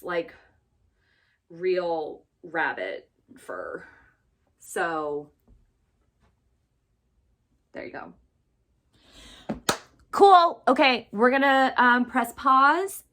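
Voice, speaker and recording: A woman's voice: mid-range voice, a bit bright. A chatty woman hosts a casual vlog indoors in a vintage clothing storeroom. She rambles, corrects herself and laughs easily. She is filmed on a phone that someone else holds. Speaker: vintage shop host showing items. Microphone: phone held by a helper.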